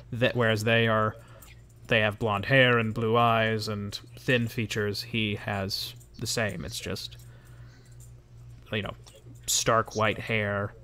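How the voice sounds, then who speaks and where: A man's voice: fairly low pitch, bright, forceful tone, a little hiss or hum. A man running a tabletop game, narrating scenes in a descriptive way with many fillers and hedges. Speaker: game master.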